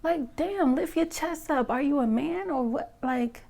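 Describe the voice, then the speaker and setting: A woman's voice: sits high, moderate pace, vocal fry, warm tone. Frank, emphatic woman vlogger. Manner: frank, emphatic, addresses viewers with frequent "okay?" and "you know?". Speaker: vlogger giving relationship advice. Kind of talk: direct-to-camera opinion talk.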